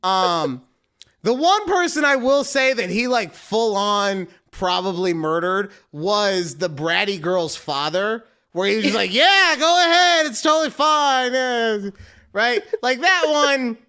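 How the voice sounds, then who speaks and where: A young man with a smooth, high voice takes his time while co-hosting a podcast. During the relaxed chat, he spins animated stories and acts out quotes.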